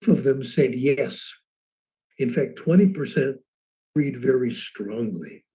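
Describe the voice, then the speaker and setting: Guy giving a lecture, kinda husky voice, telling stories, muffled old recording. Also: medium pitch, expressive, warm tone. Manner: anecdotal, conversational, slows for emphasis. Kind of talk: recorded lecture on language learning.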